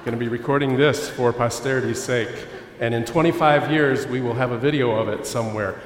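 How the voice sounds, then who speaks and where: Joking pastor in an echoey hall. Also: male voice, mid-range voice, a little fast, slight background noise. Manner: jokey, chatty, talks with the audience. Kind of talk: lighthearted sermon to a congregation. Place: church hall. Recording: echoey church hall with long reverb.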